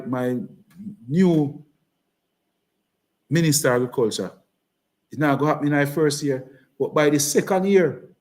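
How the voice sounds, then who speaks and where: It's an impassioned campaign speech from a Jamaican-accented political speaker whose voice is on the high side with a darkish tone. He repeats himself and drifts into patois.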